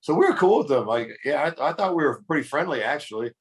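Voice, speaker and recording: A man, a former pro wrestler, jumping into the conversation with quick side remarks. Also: on the high side, big pitch swings. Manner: jumps in quickly. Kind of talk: casual chat.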